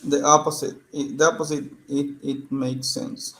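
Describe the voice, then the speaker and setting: A man's voice: mid-range voice, level tone, moderate pace, a bit bright. A man practicing English on a video call, hesitant, searching for words and asking for corrections. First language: Spanish. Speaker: English student. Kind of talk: conversation practice lesson.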